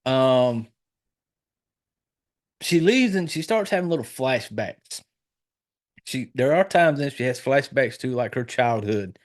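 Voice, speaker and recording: A man's voice: mid-range voice, animated, slow pace, long pauses. Rambling, foul-mouthed man recapping a film. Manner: rambling, swears freely, heavy fillers. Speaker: podcast host reviewing a horror film. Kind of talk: casual profane movie recap.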